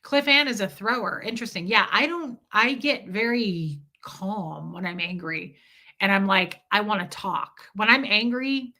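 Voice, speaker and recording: A woman's voice: mid-range voice, lively intonation, measured pace, sharp tone. A woman hosting a casual livestream, talking candidly and emphatically while answering viewer chat, swearing freely and often repeating herself.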